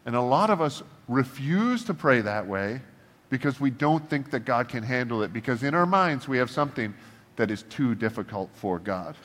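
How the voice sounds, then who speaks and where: A man preaching in a casual, joking way, acting out his blunt prayers to God. His pitch is mid-range. The voice carries a long reverb, as if he is speaking in a large church hall. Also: moderate pace. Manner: animated, humorous, acts out prayers to God in a shifting voice. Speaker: pastor. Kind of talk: casual conversational sermon.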